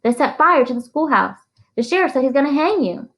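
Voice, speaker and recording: A woman reading a novel aloud, voicing a frantic young female schoolteacher in a high, breathless, pleading voice. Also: animated, normal speed. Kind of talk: audiobook reading with character voices.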